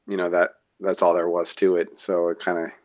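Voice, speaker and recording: A young man with a deep, low voice co-hosts a casual gaming podcast. He talks in a relaxed, halting way and fills his pauses with "uh" and short chuckles. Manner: laid-back, halting, many "uh"s, chuckles. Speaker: podcast co-host. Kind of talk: casual chat.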